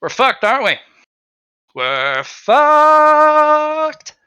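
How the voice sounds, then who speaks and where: A flippant male bard voiced by a man who talks high and loud in a mock-innocent, sarcastic tone. His pitch leaps around, and the tone is bright and tense. It is close and dry, in a tabletop game session. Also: big pitch swings, moderate pace, dry recording.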